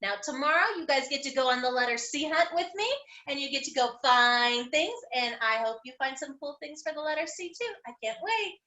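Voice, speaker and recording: Bright, high-voiced kindergarten teacher. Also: female voice, expressive. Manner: upbeat, encouraging, slow sounding-out of words. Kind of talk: online phonics lesson for young children. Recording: echoey room.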